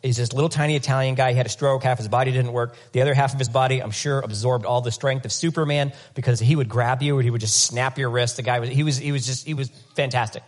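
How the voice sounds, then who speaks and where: A male pastor preaching a conversational, animated sermon with comic asides, often repeating words as he rethinks his sentences. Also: mid-range voice, fast talker, hardly any pauses.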